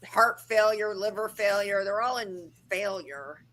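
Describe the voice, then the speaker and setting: A woman co-hosting a casual live gossip chat, animated and sarcastic. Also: mid-range voice, unhurried, low-quality recording. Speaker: co-host.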